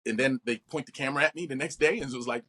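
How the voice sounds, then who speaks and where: A man's voice: racing, husky. A middle-aged man, an actor, talking animatedly in an interview and acting out quoted voices. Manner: expressive, acts out quotes with big pitch jumps.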